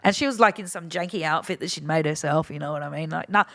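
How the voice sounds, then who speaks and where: A woman's voice: sits low, fast talker, a bit bright, no echo, studio quality. A woman, a DJ chatting frankly in an interview, swearing freely and acting out what others said. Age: 50s. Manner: frank, swears freely, acts out quoted voices. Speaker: DJ guest. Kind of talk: casual interview chat.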